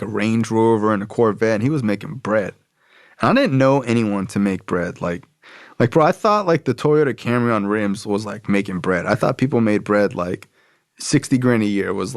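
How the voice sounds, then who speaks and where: A man's voice: fairly low pitch, dry recording, clean studio sound. A man sharing his life story as a podcast guest, blunt and profane, with emphatic repetition. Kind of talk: personal storytelling.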